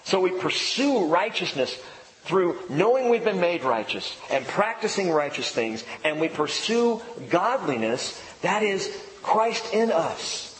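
A middle-aged man preaches with a lively, rising and falling delivery that leans on repeated phrases. His voice rings through a roomy hall with a long reverb tail. A faint murmur of ambience sits behind him. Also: a little high, slight background noise. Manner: emphatic, repeats key phrases. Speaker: pastor. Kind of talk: sermon.

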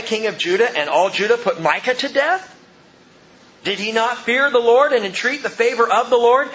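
A man preaching a sermon as pastor, swinging between loud emphatic peaks and quiet low asides. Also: dull audio, a little hiss or hum. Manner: animated preaching, rising and dropping sharply for emphasis.

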